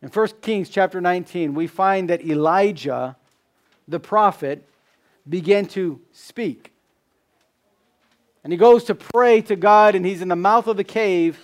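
A man preaching a sermon, asking rhetorical questions, repeating key phrases, and dropping from loud emphasis to hushed tones. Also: high voice, measured pace, pauses often. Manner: swings between loud emphasis and hushed drops.

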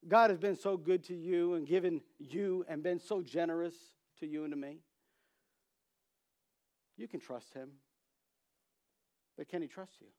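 A man's voice: a little high, a little slow, long pauses. A man preaching a sermon, telling humorous stories and acting out the characters' voices. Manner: storytelling, acts out quoted voices, animated emphasis.

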